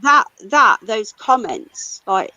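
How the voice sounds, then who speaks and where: A woman's voice: on the high side, very animated, slow pace, pushed and bright, no echo, low-quality recording. Angry British woman ranting on a livestream. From United Kingdom. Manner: angry, ranting, swears a lot. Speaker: livestream host. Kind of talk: casual livestream chat.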